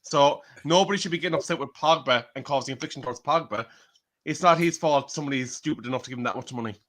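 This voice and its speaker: A man's voice: medium pitch, racing, a bit bright. A man with an Irish accent on a casual livestream panel, firmly arguing his point. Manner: emphatic, argues a point firmly.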